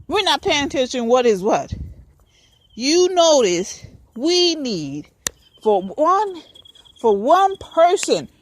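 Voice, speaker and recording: A woman's voice: high-pitched, a little hiss or hum. A woman hosting her own show, delivering a fired-up, profane, preachy monologue straight to her listeners. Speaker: podcast host. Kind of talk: ranting spoken monologue.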